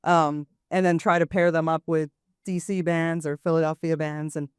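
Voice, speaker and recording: A woman in her fifties answers questions on a panel and tells chatty stories about booking shows. Her voice is smooth and a bit low, and she laughs lightly now and then. The recording is dry. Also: little pitch movement, moderate pace, no echo. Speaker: panelist, former show booker. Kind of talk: live panel Q&A.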